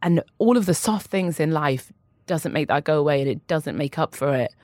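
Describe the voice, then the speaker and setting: A woman's voice: deep voice, animated, moderate pace, a little mellow, no room sound, studio quality. A woman, an author guest on a podcast, speaking openly and emotionally, laughing between heavy admissions. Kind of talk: candid podcast conversation.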